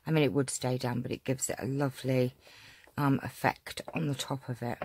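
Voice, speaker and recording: A woman from England hosts a homely craft tutorial, her voice pitched low and a little hoarse. She chats along easily with plenty of "um"s and throat clearing. A faint hiss of noise sits under the recording. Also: fairly even intonation, normal speed. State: slightly hoarse, losing her voice. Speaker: craft channel host.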